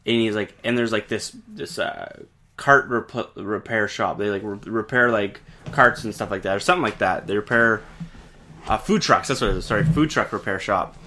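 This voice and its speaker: A man's voice: fairly low pitch, normal speed, pushed and bright. A man co-hosting a podcast, telling a ghost story in casual chat, rambling with lots of fillers and swearing. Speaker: podcast co-host.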